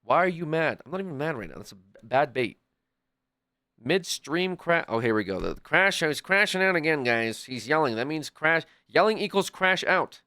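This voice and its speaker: A man's voice: a little high, sing-song, moderate pace, sharp tone, no echo, clean studio sound. A man streaming a game live, talking back to his chat in an exasperated, swearing rant. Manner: frequent swearing. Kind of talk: live gaming stream commentary.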